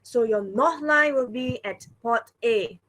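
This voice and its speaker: Woman math teacher, patient and repetitive, slightly high voice, online class. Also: slow, a bit bright. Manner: patient, repeats "all right" and "okay" often.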